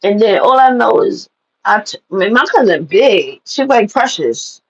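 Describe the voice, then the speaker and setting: Gravelly New woman telling blunt stories. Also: medium pitch, normal speed, muffled recording, crowd noise. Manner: animated, blunt and profane, laughing at own stories. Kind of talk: casual storytelling to camera.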